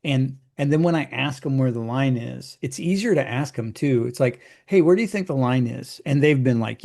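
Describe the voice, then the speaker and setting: A man's voice: mid-range voice, gravelly, mellow. A middle-aged man coaching in casual conversation, chatty and explaining with homely examples. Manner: chatty, acts out clients in quick put-on voices.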